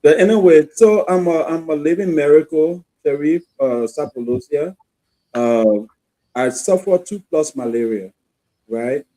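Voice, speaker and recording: Co-host man, deep mellow tone, talks straight to viewers. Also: unhurried, low-quality recording. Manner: addresses viewers and callers directly. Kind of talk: casual discussion.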